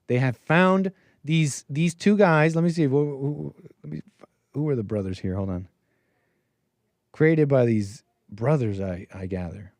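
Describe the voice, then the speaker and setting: A man's voice: medium pitch, measured pace, darkish tone, dry recording. A man hosting a call-in show, delivering a rambling, stop-start commentary monologue as he thinks aloud and mutters asides.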